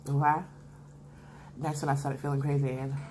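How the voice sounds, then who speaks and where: A young woman vlogger telling a casual, slangy story while eating, animated and full of asides to her viewers. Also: extremely low pitch, moderate pace, background noise. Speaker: mukbang vlogger.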